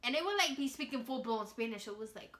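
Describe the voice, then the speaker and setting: A woman vlogger with a bright, forceful voice, speaking a little higher than most. She chats casually and emphatically to her audience, outspoken and full of slang. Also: expressive, quick pace. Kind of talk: casual vlog chat.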